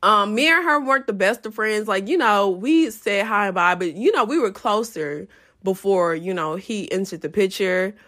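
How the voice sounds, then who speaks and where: A young adult woman telling a story to her viewers in a casual, profane, animated way, often breaking into laughs. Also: medium pitch, moderate pace.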